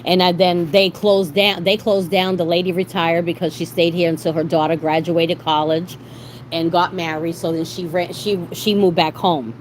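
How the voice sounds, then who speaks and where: A woman's voice: on the low side, normal speed, a little hiss or hum, low-quality recording. Chatty Boston woman on a livestream. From Boston, Massachusetts. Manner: rambling, animated storytelling with frequent restarts. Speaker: livestream host. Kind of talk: casual livestream chat.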